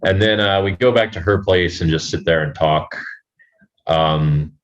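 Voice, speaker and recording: Male podcast guest, very low voice, rambling and profane storyteller. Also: lo-fi sound. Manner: rambling, halting, swears freely. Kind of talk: casual storytelling.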